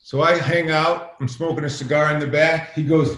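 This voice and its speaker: A middle-aged man spins a long, rambling story, swearing freely as he goes. His voice sits a touch high and carries a roomy echo. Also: steady tone, normal speed, fairly bright tone. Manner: rambling, profane, acts out quoted exchanges. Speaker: podcast guest, filmmaker. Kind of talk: casual storytelling.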